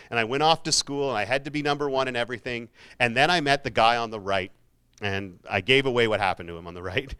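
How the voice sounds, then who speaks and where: In a university hall, the keynote speaker's medium-pitched voice comes across as bright, forceful, clear, and resonant. He gives students a relaxed, jokey motivational talk and often mocks himself along the way.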